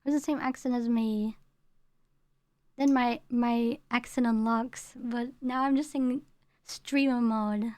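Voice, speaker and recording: A woman's voice: fairly high pitch, steady tone, slow, darkish tone, no echo. A woman from the United Kingdom, a VTuber streamer, chatting casually and reading her chat aloud. She rambles, repeats herself, and tones down her home accent.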